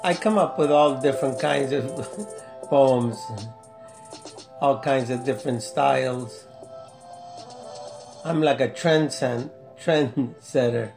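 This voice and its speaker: A man's voice: medium pitch, slow, gravelly, pauses often. A man reading out his own humorous poem, chuckling and amused at himself. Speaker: amateur poet. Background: faint music.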